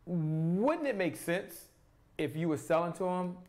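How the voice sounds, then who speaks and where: A middle-aged man delivers a solo sales coaching talk with lots of energy and a preacher's push. His voice sits high for a man. He keeps turning to the viewer with rhetorical questions. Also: lively intonation, unhurried, a little mellow. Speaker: sales coach and show host.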